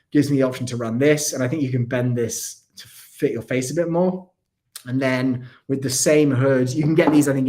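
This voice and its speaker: Male streamer, mid pitch, casual and apologetic, keeps coughing from a dry throat. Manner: chatty, rambling, apologetic. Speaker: airsoft channel host. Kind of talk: casual livestream chat.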